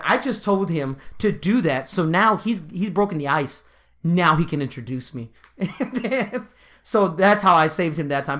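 A man's voice: on the high side, fairly bright tone. A man in his twenties co-hosting a podcast, telling a funny story in casual chat, laughing often and swearing freely. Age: 20s. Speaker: podcast co-host.

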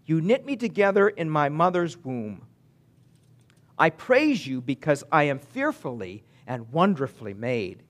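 A man delivers a sermon in a fairly high-pitched voice. He moves between loud, emphatic declarations and hushed, low passages. When he reads scripture, he slows down and weighs each word. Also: sing-song. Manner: reads scripture slowly and deliberately. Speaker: pastor.

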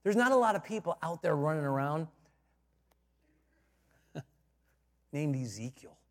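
A man preaching a sermon as pastor, swinging from low asides to loud emphatic climaxes, repeating key phrases and chuckling at his own jokes. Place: church sanctuary. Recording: long reverb of a large church.

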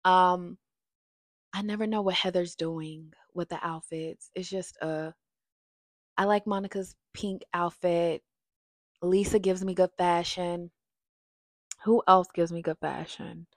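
A woman's voice: lowish voice, slow pace, long pauses, dry recording. Chatty woman reviewing reality TV. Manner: chatty, animated, gets loud when worked up. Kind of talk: casual episode review.

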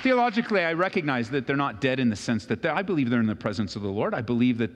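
Brief: male pastor, lively pitch, sermon delivery, big echoing church hall. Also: quick pace. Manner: animated, acts out voices of Bible figures. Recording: long reverb of a large hall.

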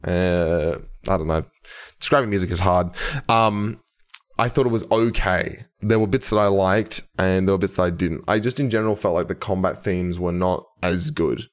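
A man's voice: low voice, moderate pace. A man co-hosting a podcast, chatting casually in a rambling, hedging way with the odd swear word. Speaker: podcast co-host. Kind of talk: casual chat.

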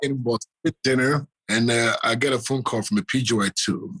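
A man's voice: mid-range voice, steady tone, brisk, a bit bright, slightly rough, low-quality recording. A man, a surgeon, telling stories from his career in a casual, rambling way, full of fillers and small chuckles. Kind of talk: casual anecdotal storytelling.

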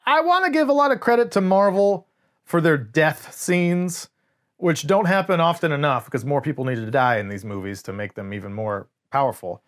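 Podcast guy ranting about a movie, kinda high voice, swears a lot, really into it. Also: moderate pace. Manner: emphatic, swears freely, animated storytelling. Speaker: podcast co-host. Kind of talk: casual film review chat.

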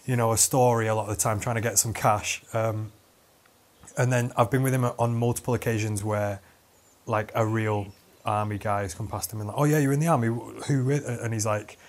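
A man's voice: on the low side, little pitch movement, moderate pace. A man, a podcast host telling a rambling story, swearing and laughing as he goes. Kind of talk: casual storytelling chat.

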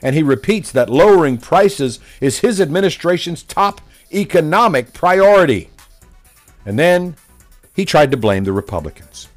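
A man's voice: fairly high pitch, lively intonation, moderate pace, soft background music. A man delivering a combative, mocking political opinion monologue as a commentator. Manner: mocking, combative, name-calling.

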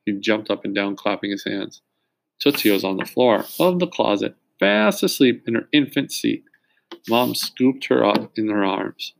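A man narrating a children's book in the first person, with steady, dry storytelling. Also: on the low side, unhurried, vocal fry. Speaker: audiobook narrator.

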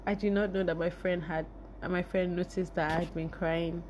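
A woman's voice: fairly low pitch, steady tone, normal speed, darkish tone, slight background noise. A young woman vlogger telling her viewers an emotional personal story and speaking to them directly.

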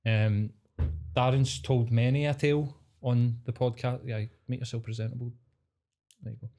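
Hesitant Scottish co-host. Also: male voice, medium pitch, level tone, normal speed, dark tone. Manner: hesitant, with many ums and likes. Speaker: podcast co-host. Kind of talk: casual podcast chat.

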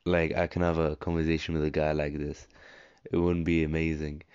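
A man's voice: a bass voice, level tone, brisk, darkish tone, clear, resonant tone, dull audio. A young man talking through a casual solo podcast, rambling and coaching himself, with many fillers and restarts.

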